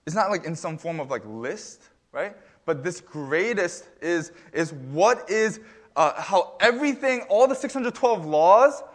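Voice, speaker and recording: A man's voice: fairly high pitch, a bit bright. A young man preaching a sermon as pastor, conversational with lots of fillers and emphatic rises.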